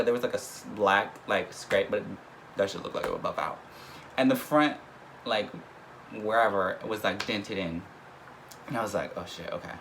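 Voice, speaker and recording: Young guy telling a story, swears a lot, laughs, kinda noisy recording. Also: fairly low pitch. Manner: animated, profane, laughs mid-story. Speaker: vlogger. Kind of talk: casual storytelling. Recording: noticeable background noise.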